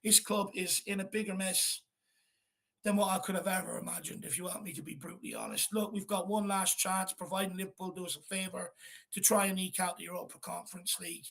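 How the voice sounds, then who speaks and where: A high, bright-toned man with a gravelly edge to his voice. He hosts a live fan watchalong and talks in a blunt, angry, swearing way about his team. He sounds fed up and done. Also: steady tone, fairly quick. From Ireland. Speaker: fan channel host. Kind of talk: live football watchalong chat.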